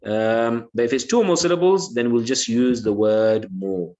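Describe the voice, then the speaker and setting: A man's voice: medium pitch, moderate pace, darkish tone. A male English teacher giving an online lesson, patiently repeating words and saying "yeah" often.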